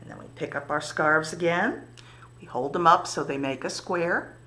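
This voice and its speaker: A woman leading a story time for toddlers in a library story room, speaking gently and encouragingly to little children and their parents. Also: low-pitched, moderate pace.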